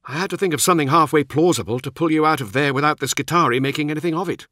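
A man's voice: fairly high pitch, very fast, sharp tone, dry recording, studio quality, voice pushed up. A man voicing an earnest space marine officer, lifting his voice well above his usual register.

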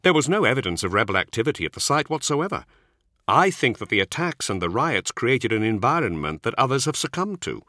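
A man voicing a stern, earnest warrior-monk who argues his case in a measured, insistent way. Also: medium pitch, very animated, bright, forceful tone, no room sound, clean studio sound, voice pushed up. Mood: explaining.

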